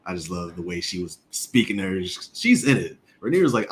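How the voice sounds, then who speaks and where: A man's voice: low-pitched, big pitch swings, a little fast. A man guesting on a casual podcast chat, laid-back and slangy.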